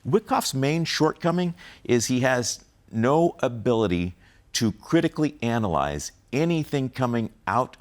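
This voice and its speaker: A man giving political commentary as a guest on a video call, rambling and full of fillers and restarts. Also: medium pitch. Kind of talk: casual interview commentary.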